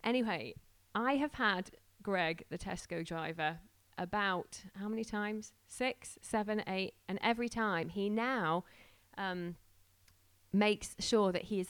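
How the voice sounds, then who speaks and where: A woman starting a church tells a casual story, laughing and acting out the voices of the people in it. Her mid-range voice is smooth, and the recording has no echo.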